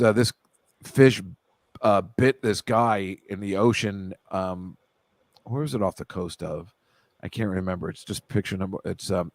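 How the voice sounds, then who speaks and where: A man's voice: fairly low pitch, dry recording. Middle-aged guy rambling on his podcast, jokey and self-mocking, dry close mic. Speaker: podcast host. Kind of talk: casual chat.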